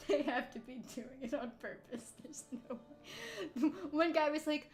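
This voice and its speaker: A woman's voice: high-pitched, animated, slow, a little mellow, soft background music. A young woman streaming a game, giggly and exasperated, laughing through her casual commentary.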